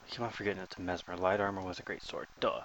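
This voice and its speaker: Male gamer, fairly low voice, casual thinking-aloud commentary. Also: flat delivery, rapid-fire, a bit bright, a little hiss or hum, low-quality recording. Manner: thinks aloud while playing, chatty and joking. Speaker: gamer commentating his own play.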